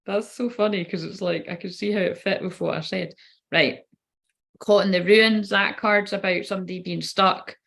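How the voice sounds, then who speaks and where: A woman's voice: medium pitch, fairly even intonation, normal speed, creaky, fairly bright tone. A young woman, a tarot card reader, chatting casually and rambling to her viewers, laughing often and swearing freely.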